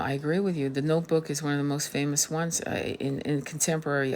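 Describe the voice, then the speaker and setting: Gravelly, blunt-talking woman tarot reader. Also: deep voice. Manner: blunt, emphatic, swears freely. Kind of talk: spiritual vlog monologue.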